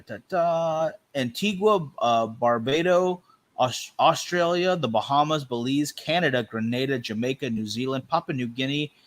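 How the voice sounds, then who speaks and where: A man in an everyday mid-range voice, hosting a loose podcast chat. He rambles along, tossing out deadpan jokes between points in a relaxed, casual way. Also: mid-range voice. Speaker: podcast co-host.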